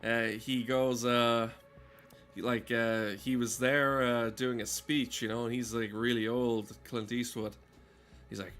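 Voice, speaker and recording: A man rambles in deadpan casual chat while streaming a game. He stalls often and wanders between thoughts. His voice sits at an average pitch for a man. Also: slow. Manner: deadpan, rambling, heavy with "uh" fillers.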